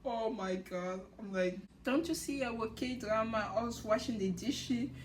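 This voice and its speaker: A woman's voice: a little high, a little slow, a little hiss or hum. Laughing woman recapping a show, echoey. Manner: animated, laughs often, retells scenes in quotes. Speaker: reaction video host. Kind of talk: casual recap commentary.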